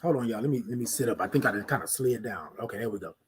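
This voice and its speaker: A podcast host with a mid-range voice talks very fast in a casual monologue, animated and preachy toward his listeners and asking them "y'all feel me."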